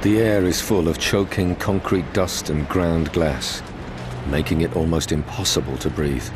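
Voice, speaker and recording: A man giving grave, measured scripted narration for a documentary. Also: deep voice, steady tone, noisy background. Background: music.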